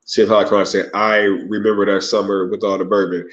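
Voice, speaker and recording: A man in a relaxed live-stream chat, his voice sitting low in pitch. He reads out viewer comments and answers them in loose, slangy talk, often tagging "yo" onto his lines. The stream audio is dull and lo-fi. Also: moderate pace. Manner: laid-back slangy talk, frequent "yo" and "right?".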